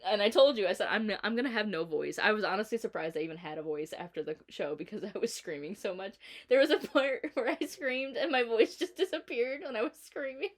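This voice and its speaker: A young woman vlogging at home, chatting and telling a story with animated quoting and laughter. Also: mid-range voice, fairly quick. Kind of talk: casual chat. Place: indoors at home.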